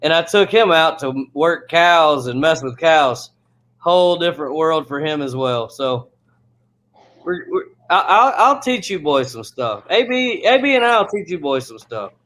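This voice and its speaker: A man with a high voice chatting easily on a talk show. He sounds laid-back and amused. His talk is loose and friendly. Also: lively intonation, unhurried, a bit bright, rough recording. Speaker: guest. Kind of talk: casual chat.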